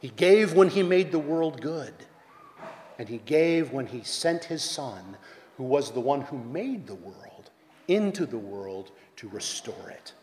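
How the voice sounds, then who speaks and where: A man preaching a sermon, earnest, rising to loud emphasis and dropping to hushed tones. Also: medium pitch, sing-song, measured pace. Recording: echoey hall with long reverb.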